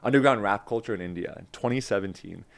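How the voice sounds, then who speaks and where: A man's voice: fairly low pitch, fast talker, gravelly. A man from New Jersey, a guest in a casual interview, telling stories and acting out his past remarks, with many "like"s. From New Jersey, USA. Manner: animated, acts out his own past lines, many "like"s.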